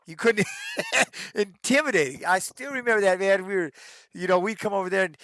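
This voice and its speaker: A middle-aged man, a retired fighter, answering fan questions in a casual live-stream chat, telling stories and acting out shouted quotes. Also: high voice, fairly quick, no echo, studio quality. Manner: animated storyteller who acts out shouted quotes, peppered with "man".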